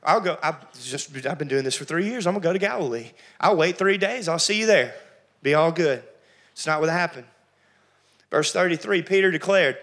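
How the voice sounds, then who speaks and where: Brief: male preacher, middle-aged, high and bright voice, animated delivery that jumps into character voices. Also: normal speed. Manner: animated, acting out quotes with big pitch jumps. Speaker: pastor. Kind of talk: sermon.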